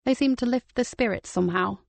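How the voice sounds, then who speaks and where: A woman's voice: a little high, a little fast, vocal fry, a little mellow, no room sound, pitched above the performer's own voice. A woman voicing an older woman, a retired soldier turned gardener, reflective and dry-humored. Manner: dry, self-mocking, reflective.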